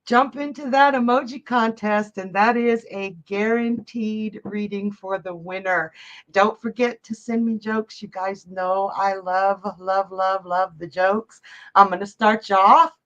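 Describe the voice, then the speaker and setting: A woman's voice: mid-range voice, steady tone, measured pace, a bit bright, muffled recording. A woman hosting a live psychic reading stream, chatty and upbeat, greeting viewers and reading their chat messages aloud.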